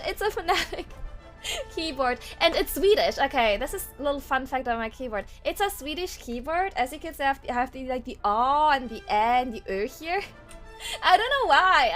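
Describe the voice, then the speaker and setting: Woman streamer, high voice, casual rambling chat, quick laughs, light swearing, faint soundtrack music behind. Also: a bit bright. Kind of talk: casual livestream chat, reading chat aloud. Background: faint game-soundtrack music.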